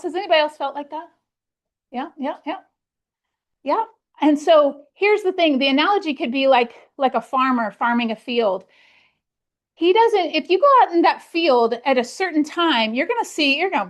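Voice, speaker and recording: A woman's voice: sits high, expressive, moderate pace. A middle-aged woman leading a real estate team meeting, speaking earnestly and telling personal stories to motivate her agents. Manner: earnest, storytelling, acts out her own past worries.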